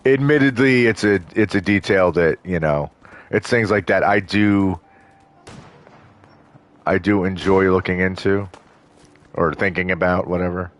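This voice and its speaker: Brief: deep-voiced male let's-play host, loose rambling gameplay chatter. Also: unhurried, long pauses. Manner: rambling, full of fillers and restarts. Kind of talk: casual gameplay commentary.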